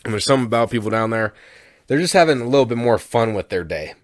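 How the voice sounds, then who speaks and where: A man's voice: medium pitch, expressive, quick pace, dry recording. A man co-hosting a podcast in a casual chat, rambling and laughing often with frequent restarts, recorded in a studio. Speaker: podcast co-host.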